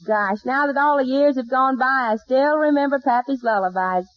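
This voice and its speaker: A woman's voice: high-pitched, normal speed, natural voice. A woman playing a scatterbrained, wisecracking country gal in a 1940s radio sitcom, folksy and punning, on a dull old broadcast recording. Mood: zany. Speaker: comedy star of a radio sitcom.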